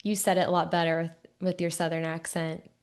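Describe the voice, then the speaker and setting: A woman's voice: on the low side, little pitch movement, fairly quick. A young woman hosting a podcast, talking reflectively with many small fillers. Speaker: podcast host. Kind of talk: interview conversation.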